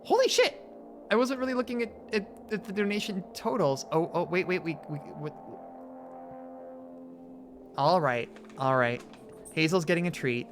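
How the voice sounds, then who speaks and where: A woman live-streamer with a lowish voice that leaps all over the place as she talks. She is excitable and swears freely. Faint music plays behind her. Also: normal speed, long pauses. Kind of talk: casual live-stream chat.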